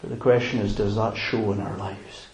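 A man preaching a sermon as a pastor, emphatic and deliberate with long pauses. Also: fairly low pitch, fairly even intonation, a little hiss or hum. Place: church. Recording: roomy church hall.

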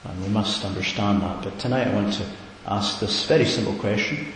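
A man's voice: on the low side, a little fast, a bit bright. A man preaching a sermon earnestly, building to emphatic repeated questions. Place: church hall. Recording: echoey hall with faint hiss.

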